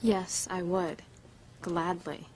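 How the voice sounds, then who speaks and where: A woman's voice: fairly low pitch, level tone, slow pace, darkish tone, a little hiss or hum. An actress playing a bitter young mother in a soap opera, defiant and cutting. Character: bitter young mother shielding her baby. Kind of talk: daytime soap opera acting.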